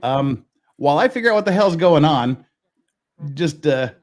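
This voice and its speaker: Animated, self-mocking male host. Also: a little high, normal speed. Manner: self-mocking, rambling, joking. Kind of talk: casual livestream chat.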